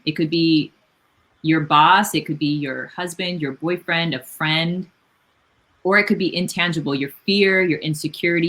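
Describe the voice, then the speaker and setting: A woman's voice: deep voice, fairly bright tone. A woman hosting a casual live book talk, effusive and encouraging, with many restarts and fillers. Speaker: author and host of book event.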